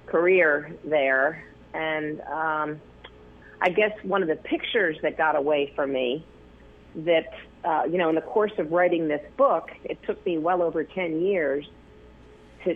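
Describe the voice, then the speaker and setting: Man, gravelly husky voice, slightly high pitch, rambling interview guest, thin phone-line sound. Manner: rambling, many fillers and restarts. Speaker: news photographer, interview guest. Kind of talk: casual interview storytelling.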